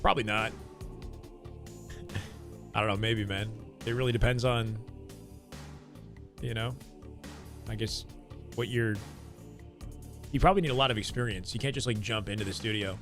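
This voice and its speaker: A man's voice: on the low side, fairly even intonation, normal speed, pauses often, music in the background. Canadian man chatting on a gaming stream. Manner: loose and chatty, reacting to chat and gameplay. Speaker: livestreamer. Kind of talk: casual stream chat and game commentary.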